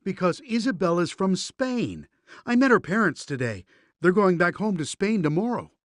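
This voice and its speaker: A voice actor playing a kindly cartoon parent who calmly explains and reassures a young boy. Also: medium pitch, moderate pace, no room sound, clean studio sound, lightly acted. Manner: calm, reassuring, explains things.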